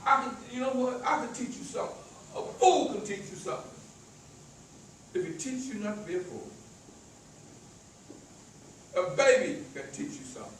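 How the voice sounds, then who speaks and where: Very animated and very high-pitched, a motivational speaker with a rural American country accent talks to a live audience at a normal pace, with long pauses. He stammers and repeats words. The echoey event room sounds very reverberant, his voice is far from the mic, and there's a little hiss or hum.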